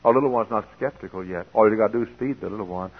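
A man's voice: fairly low pitch, rapid-fire, husky. Man preaching over a tinny old recording. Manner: folksy, rises to loud emphatic preaching. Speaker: pastor. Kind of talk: sermon.

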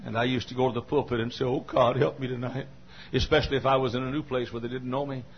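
An older male pastor, telling a personal testimony in a folksy, repetitive sermon style that builds to shouting climaxes. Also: mid-range voice, flat delivery, quick pace, lo-fi sound, a little hiss or hum.

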